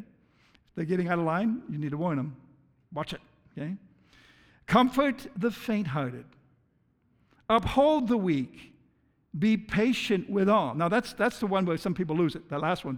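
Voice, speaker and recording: High-voiced pastor preaching in a reverberant church. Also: male voice. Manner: earnest, stumbles and repeats words. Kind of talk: sermon.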